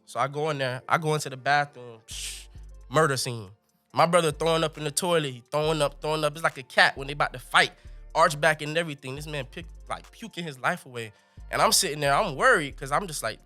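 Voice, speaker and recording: A young man telling a funny story as a podcast guest, animated and laughing, with colorful slang. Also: fairly high pitch, fast, faint music behind. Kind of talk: comic storytelling.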